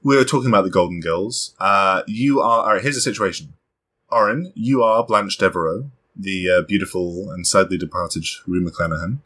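A man hosting a casual chat, animated and quick to laugh. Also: low-pitched, slightly rough. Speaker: podcast host.

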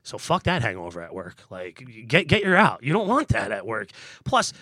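A man's voice: mid-range voice, huge pitch swings, normal speed, bright, forceful tone, slightly rough, no room sound. A man arguing bluntly and with swearing in a casual podcast debate. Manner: blunt and profane, pushes his point hard. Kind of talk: casual argumentative banter.

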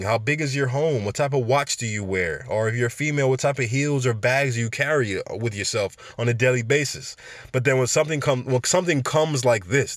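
A man's voice: medium pitch, a bit bright, no room sound, clean studio sound. A man hosting a podcast, ranting through the news in a casual, slangy way full of rambling asides. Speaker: podcast host. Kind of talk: casual news commentary rant.

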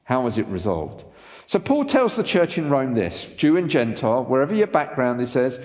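A man preaching a sermon as pastor, animated and asking the congregation rhetorical questions. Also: mid-range voice, normal speed, in a large hall.

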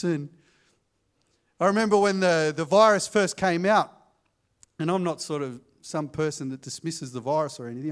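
A man's voice: on the high side, moderate pace. A young man preaching a sermon in a chatty, storytelling way, calling out to the congregation. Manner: conversational, asks the congregation for amens. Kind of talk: sermon with anecdotes. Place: church.

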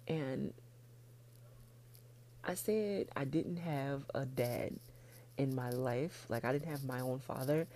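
A woman's voice: a bass voice, gravelly, mellow, slight background noise. A woman hosting her own podcast in a casual, frank solo chat, laughing often and getting emotional. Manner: heartfelt, gets emotional. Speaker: podcast host.

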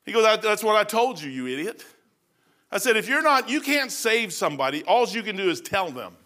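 A man's voice: sits high, expressive, a little fast, pushed and bright. A middle-aged man from Kentucky giving a folksy, conversational sermon, often saying "man". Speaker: preacher. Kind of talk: informal sermon.

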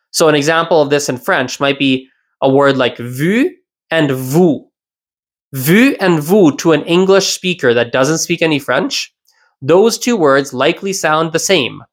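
A language teacher hosts a solo lesson podcast in a mid-range voice. The delivery is explanatory and patient, circling back to repeat each key point and posing rhetorical questions to the listener. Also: medium pitch.

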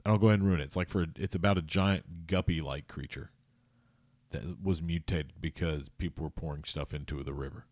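A man with a very low voice rambles through a casual podcast monologue, joking and stumbling over words. The sound is dry and close, with no room around it. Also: fairly quick, a little mellow, dry recording. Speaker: podcast host.

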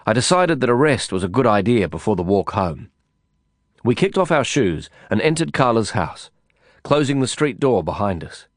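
A man narrating a first-person novel in a measured, reflective storytelling manner. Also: on the low side, no room sound, studio quality. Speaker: audiobook narrator.

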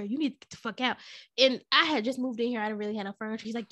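A young woman co-hosting a podcast, telling a story in casual chat, animated and often laughing. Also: a little high, rapid-fire, no echo. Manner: animated, laughing, quotes people in put-on voices. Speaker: podcast co-host.

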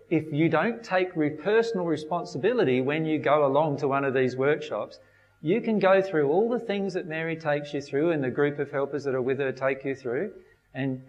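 A man giving an informal spiritual talk to a group, speaking conversationally and often checking in with his listeners. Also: medium pitch. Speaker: spiritual teacher. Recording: dull sound with long hall echo.

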